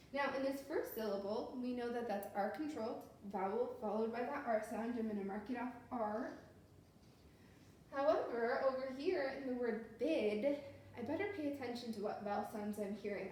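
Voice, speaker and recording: A woman teacher talks through a phonics lesson slowly and patiently, one step at a time. Her voice sits a little high. The room rings with heavy echo under a faint hiss. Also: a little mellow. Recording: very echoey room with faint noise.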